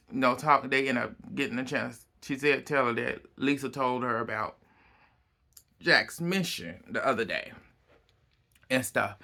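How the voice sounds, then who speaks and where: A man casually recapping a reality show, retelling scenes as an animated storyteller. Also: mid-range voice, creaky. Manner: animated storyteller, acts out quotes.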